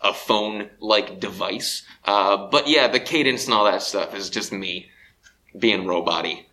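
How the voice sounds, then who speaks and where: A man's voice: lowish voice, measured pace, bright, forceful tone. A young man, a voice actor, talking eagerly in a panel interview, rambling with fillers, speaking through a face mask. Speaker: voice actor guest. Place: convention panel room. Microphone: handheld mic, speaking through a face mask.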